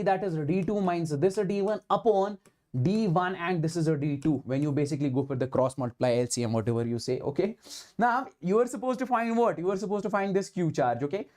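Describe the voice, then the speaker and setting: A man's voice: high-pitched, a little mellow. An Indian man leads an online physics lecture for exam students. He talks emphatically and repeats key phrases, pushing the class to follow each step. He drops Hindi words into his English as he works through problems. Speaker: physics teacher.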